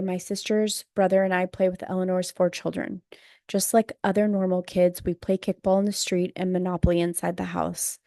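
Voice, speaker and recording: A woman with a lowish voice reads a memoir aloud in a measured, subdued way. Her delivery stays flat with little melody. The sound is dry and close, with no room around it. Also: no echo. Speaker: audiobook narrator. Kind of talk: memoir audiobook narration.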